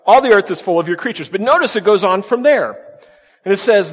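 Conversational pastor in an echoing hall. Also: male voice, high voice, quick pace. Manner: conversational, animated preaching with rhetorical questions. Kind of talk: sermon. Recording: long reverb of a large hall.

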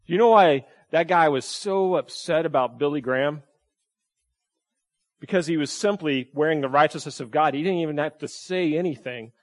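A middle-aged pastor delivers a sermon in a loose, conversational way, often pausing to check in with his listeners. His voice sits a little higher than most men's. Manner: conversational preaching with frequent "right?" asides.

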